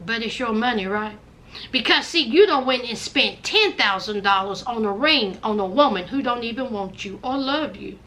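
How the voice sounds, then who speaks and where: A woman's voice: fairly high pitch, expressive, normal speed, a bit bright, slight background noise. A woman giving sassy, dramatic, scolding commentary on a reality show in a vlog.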